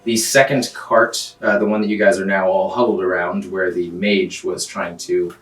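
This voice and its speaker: A man narrating a tabletop game as game master. He describes scenes at length, often pausing on ums and uhs. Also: sits low, flat delivery, a bit bright. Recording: roomy, distant mic, faint music.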